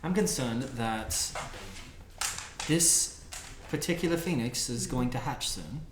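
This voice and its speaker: A man plays a worried airship trader who cares about profit and speaks haltingly. His voice sits in a middle register. The room is echoey, with background noise underneath. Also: mid-range voice, lively intonation. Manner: hesitant, halting.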